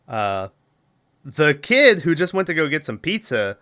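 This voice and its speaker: A man's voice: a little high, sing-song, a little slow, bright, forceful tone. A man co-hosting a podcast, casually recapping a film's plot in a rambling way, laughing often and acting out lines. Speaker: podcast co-host.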